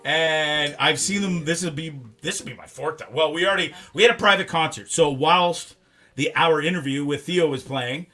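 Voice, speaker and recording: A man hosting a live talk show, rambling and animated, swearing freely. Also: fairly high pitch, moderate pace, soft background music. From Canada. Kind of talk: casual live show chat.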